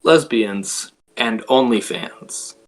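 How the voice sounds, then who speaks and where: A man giving a rambling deadpan comedy monologue, halting and full of restarts. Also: mid-range voice. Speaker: comedy video creator.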